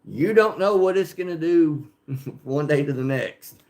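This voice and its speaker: A man's voice: fairly high pitch, expressive, measured pace, a little mellow. A man from Oklahoma with a rural country accent, chatting casually with livestream viewers and rambling with lots of fillers. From Oklahoma, USA. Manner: rambling, filler-heavy, talking to chat viewers. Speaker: slot machine livestreamer.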